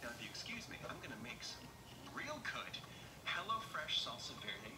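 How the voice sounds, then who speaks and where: Animated man in a comedy sketch. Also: mid-range voice, moderate pace, background noise. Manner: theatrical, animated, swapping between character voices. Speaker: sketch video host. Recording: echoey, distant sound under loud music.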